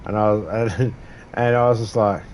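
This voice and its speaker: Low-voiced sweary Australian streamer. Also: male voice, moderate pace, a little mellow, a little hiss or hum, poor audio. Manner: rambling, sweary storytelling with laughs. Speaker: gaming streamer. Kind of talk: casual chat while gaming.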